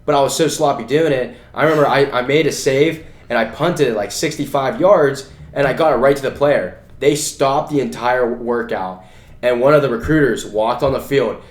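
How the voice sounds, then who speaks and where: A man's voice: mid-range voice, moderate pace. A young man co-hosting a casual podcast, telling rambling stories full of "you know" and "like". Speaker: podcast co-host. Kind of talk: casual chat. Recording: echoey room.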